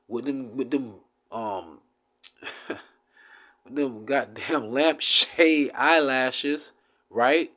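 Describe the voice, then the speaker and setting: A man giving an impassioned, profane religious rant, swinging between loud outbursts and low mutters. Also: a little slow, pauses often. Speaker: religious commentator.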